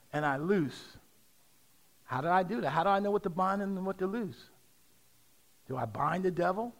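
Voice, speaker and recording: A middle-aged man preaching a sermon, leading call-and-response and rising to shouts. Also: sits high. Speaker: pastor.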